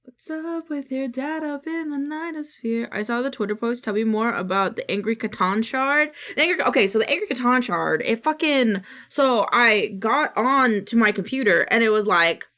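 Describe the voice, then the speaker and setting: A woman's voice: on the high side, expressive, moderate pace, few pauses, a bit bright. A woman streamer chatting casually on a live stream, rambling and swearing freely, acting out what others said to her.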